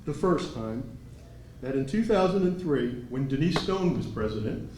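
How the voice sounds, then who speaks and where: A man moderating a dinner event, telling an anecdote in an animated way and acting out quotes. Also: mid-range voice, moderate pace, a little hiss or hum. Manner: animated storyteller, acts out quotes. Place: large banquet hall. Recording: echoey hall, speaker far from mic.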